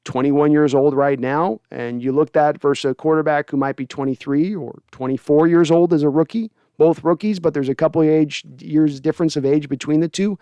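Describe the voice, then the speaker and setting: Rambling, clear-voiced sports show host. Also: male voice, fairly high pitch, steady tone, brisk, few pauses, dark tone, no room sound. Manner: rambling, lots of fillers, laughs at himself. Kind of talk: casual livestream chat, reading viewer comments.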